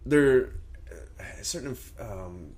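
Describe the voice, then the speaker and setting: A man's voice: medium pitch, animated, takes it slowly. A young man co-hosting a podcast, chatting casually about a film, rambling and trailing off with casual swearing. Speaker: podcast co-host.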